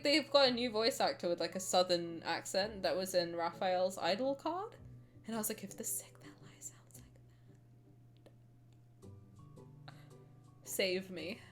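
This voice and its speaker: This young Southern woman speaks in a mid-range voice, reading a game story aloud as she streams. She chats casually and animatedly with viewers, swears without hesitation, and laughs at her own expense.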